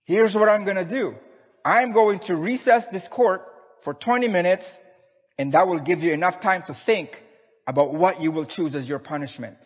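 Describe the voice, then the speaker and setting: A stern courtroom judge , played by a man, speaks firmly and with authority. His husky voice carries in an echoey hall with a dull sound. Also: high voice, moderate pace.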